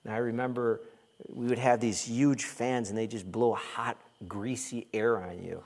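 Pastor, male, mid-pitched, conversational sermon with humor. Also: fairly even intonation, measured pace, darkish tone. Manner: conversational, humorous, mimics complainers.

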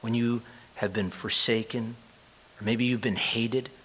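A male pastor preaching a sermon in a church, earnest and unhurried, with pauses and repeated phrases. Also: medium pitch, steady tone, a bit bright, breathy edge, rough recording.

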